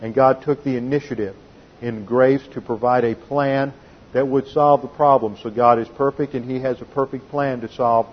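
A man's voice: mid-range voice, steady tone, normal speed, lo-fi sound. A man giving a methodical sermon that teaches doctrine step by step and reads scripture aloud. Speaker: pastor.

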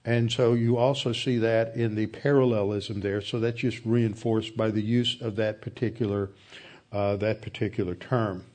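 A man giving a Bible study lecture, explaining in a measured way with occasional hesitations. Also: lowish voice, fairly even intonation, darkish tone. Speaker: Bible teacher.

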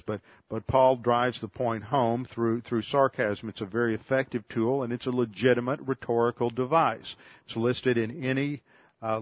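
A male pastor delivers an expository sermon in a methodical, earnest manner, hammering points home by repeating phrases. His voice sits at an ordinary male pitch. The recording is dry and a little dull. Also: no echo. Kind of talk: expository Bible teaching sermon.

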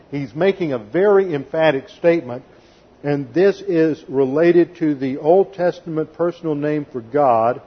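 A man's voice: a little high, slightly rough. A man preaching an expository sermon, methodical and emphatic, counting off numbered points to his congregation. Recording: dull lo-fi sermon recording.

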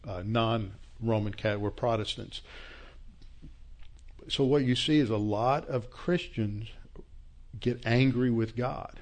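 Man teaching in a relaxed lecture. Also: mid-range voice. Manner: conversational, reflective lecturing. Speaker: Bible class teacher. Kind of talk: lecture on Christian apologetics, closing in prayer.

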